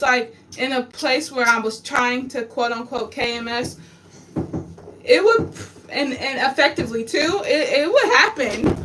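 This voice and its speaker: Her voice sits high and sounds pushed and bright. The woman, a vlogger, is tearful in a raw confessional shot in her home bathroom, swearing and working through grief while her voice cracks, captured by a far-off microphone with background noise.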